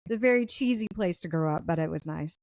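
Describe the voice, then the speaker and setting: Podcast co-host, young Southern woman, giggly and relaxed, dry close recording. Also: fairly low pitch, quick pace, dry recording. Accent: Southern American. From South Carolina, United States. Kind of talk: casual chat.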